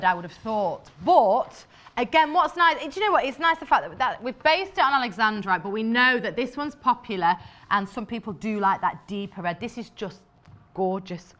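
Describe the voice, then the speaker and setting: Selling fabrics live on a shopping channel, this British woman has a slightly high voice with a sharp edge. Her delivery is chatty and eager, full of filler words and side comments to the crew.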